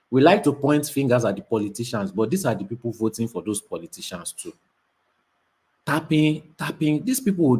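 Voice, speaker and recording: A man's voice: mid-range voice, a little mellow, husky. A man with a Nigerian accent, co-hosting a casual commentary chat in a blunt, scornful, emphatic way. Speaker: co-host.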